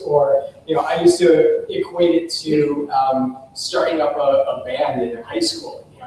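A man's voice: fairly high pitch, measured pace, dark tone, recorded from a distance, slight background noise. Enthusiastic American man in an echoey room. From United States. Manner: enthusiastic, effusive praise, frequent fillers. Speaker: workshop speaker. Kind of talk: informal workshop talk. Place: workshop room.

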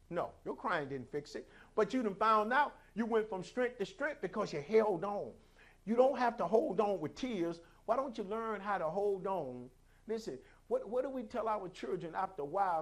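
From the pulpit, a pastor with a high-pitched voice preaches a sermon, swinging between sudden shouts and soft, hushed lines. He sprinkles hallelujahs throughout.

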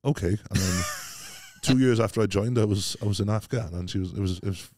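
A man's voice: on the low side, fairly quick, a little mellow, dry recording. A man, chatting as a podcast guest about his past, laughing often and calling the host "mate". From Wales. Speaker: guest, strongman and former soldier. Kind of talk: casual interview chat.

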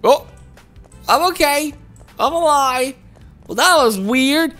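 A woman giving excited gameplay commentary to her viewers, exclaiming and laughing often. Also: high-pitched, slow, soft background music. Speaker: gaming video host.

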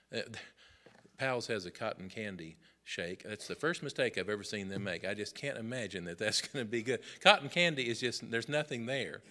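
A man's voice: on the low side, animated, a little fast, pushed and bright. A middle-aged man teaching Sunday school, preaching on a Bible passage with folksy asides and mock back-and-forth with his listeners.

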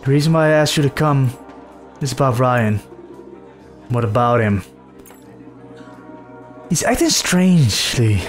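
A man voicing a worried, earnest young woman character in a calm, low reading. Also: measured pace, pauses often, soft background music, close to an everyday voice.

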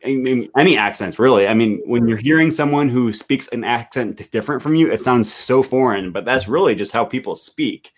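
A man hosting a casual chat, relaxed and curious, with many fillers. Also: medium pitch, brisk, hardly any pauses. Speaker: host. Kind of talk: casual video call chat.

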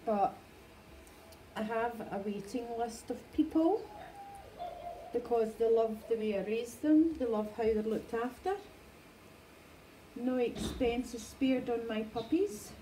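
Scottish lady rambling on a livestream, laughs a lot, warm mellow voice. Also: fairly high pitch, slow pace, pauses often, a little hiss or hum, rough recording. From Scotland. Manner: chatty, rambling, laughs often. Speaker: dog breeder livestreaming. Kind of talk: casual livestream chat. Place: home, indoors.

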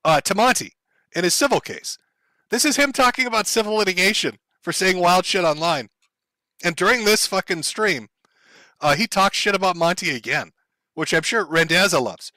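A man's voice: high-pitched, expressive, normal speed, pushed and bright, no echo. A man hosting a live stream, commenting bluntly on a clip with plenty of swearing and a lecturing tone.

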